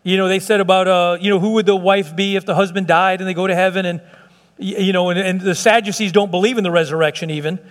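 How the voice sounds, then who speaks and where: This high-voiced pastor speaks fast and holds a steady tone as he preaches to his church, keeping it fervent yet conversational. He keeps circling back through repetitions and restarts while a long sanctuary reverb lingers behind him.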